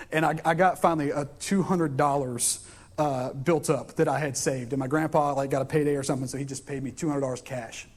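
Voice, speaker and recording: A young man preaching a sermon in a casual, storytelling way, in a church. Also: on the high side. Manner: casual, storytelling, conversational preaching with frequent restarts. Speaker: pastor. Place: church sanctuary.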